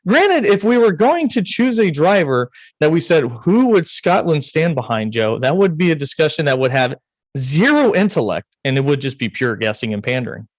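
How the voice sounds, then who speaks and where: A man's voice: a little high, big pitch swings, normal speed, dry recording, low-quality recording. An American man co-hosting a racing podcast, chatting casually, joking and rambling. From United States. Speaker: podcast co-host. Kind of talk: casual chat.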